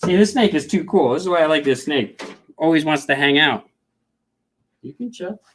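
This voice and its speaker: A man's voice: a little high, expressive, moderate pace, fairly bright tone. A middle-aged man from the Upper Midwest who breeds reptiles and hosts his own channel. He talks casually in a vlog, chats to his snakes as he handles them and laughs often.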